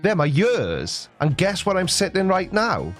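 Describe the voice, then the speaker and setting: A man's voice: sits high, wildly swooping pitch, a little slow, a bit bright, soft background music. A Welsh man in his forties with a sarcastic, jokey delivery, giving a comic monologue. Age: 40s. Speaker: YouTuber.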